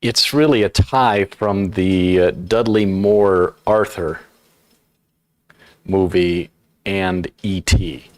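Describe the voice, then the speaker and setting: Low-voiced man telling a story. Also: fairly even intonation, slow, no room sound. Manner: storytelling, trails off softly. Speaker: host. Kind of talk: casual chat.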